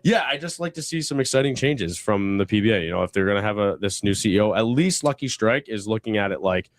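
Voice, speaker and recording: Low-voiced male podcast co-host, loose and rambling, recorded dry. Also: lively intonation, quick pace, dry recording. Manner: rambling, lots of fillers and laughs. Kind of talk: casual chat.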